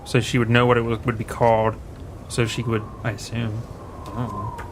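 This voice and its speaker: A man with an average-pitched voice works through game rules aloud, hesitating and musing. Faint noise sits under the recording. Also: level tone, normal speed. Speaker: player. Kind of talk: tabletop game play, rules talk.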